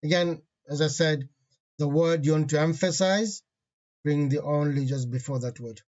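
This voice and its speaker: Male teacher, slightly high pitch, patient and repetitive, dull lo-fi recording. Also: a little mellow. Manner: patient, repeats key terms slowly; reads Arabic grammar phrases quickly. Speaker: Arabic grammar teacher. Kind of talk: online grammar lesson.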